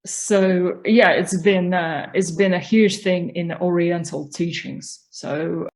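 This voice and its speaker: Slow, low-voiced woman coaching calmly. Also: low-quality recording. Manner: slow, calm, explanatory. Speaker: spiritual growth coach. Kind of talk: instructional talk on voice.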